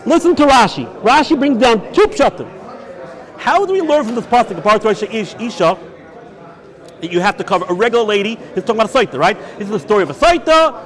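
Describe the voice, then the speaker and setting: A man's voice: high-pitched, lively intonation, quick pace. A man, a rabbi, teaching Jewish law in a yeshiva lecture. He asks questions and answers them himself, and he mixes Hebrew and Yiddish terms into his English.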